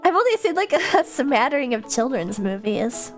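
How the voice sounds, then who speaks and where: Young woman streamer, high bouncy voice, chatty and animated, laughs a lot, swears casually while reading chat. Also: moderate pace, soft background music. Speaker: livestreamer.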